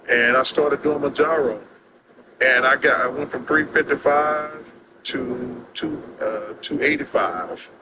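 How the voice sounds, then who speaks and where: A man in his sixties, a guest telling casual stories in an animated, drawling way with quick laughs, recorded outdoors. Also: mid-range voice, heavy background noise. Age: 60s. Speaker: interview guest. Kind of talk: casual storytelling chat.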